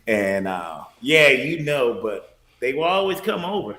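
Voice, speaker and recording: A man from Detroit, a former bouncer, chatting as a podcast guest in a relaxed, storytelling way. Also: medium pitch, measured pace. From Detroit, USA. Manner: relaxed, storytelling, laughs easily. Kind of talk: casual chat. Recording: echoey room.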